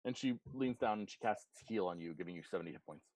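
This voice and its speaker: A man runs a tabletop game with a fairly low voice, narrating in a relaxed, amused way full of little fillers. The sound is dry and close to the mic. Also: fast talker, no echo. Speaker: game master.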